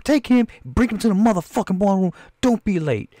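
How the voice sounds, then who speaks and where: A man putting on a crude, menacing prison boss barking orders. He curses constantly, pitched high above his own speaking voice. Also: animated, brisk, warm tone. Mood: bossy.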